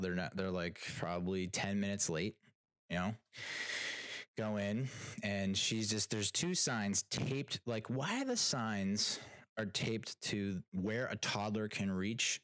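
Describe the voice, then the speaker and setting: Young guy ranting bout his day as a dad, low voice, keeps restarting, dead dry room. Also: fairly bright tone, no room sound. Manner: rambling, exasperated, with self-interrupting restarts. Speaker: parent telling a story. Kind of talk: casual storytelling monologue.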